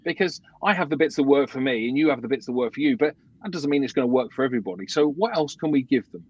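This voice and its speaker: A man's voice: medium pitch, animated, fast, a little mellow, husky, dry recording, dull audio. A man co-hosting a podcast, asking probing questions in casual chat. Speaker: podcast co-host.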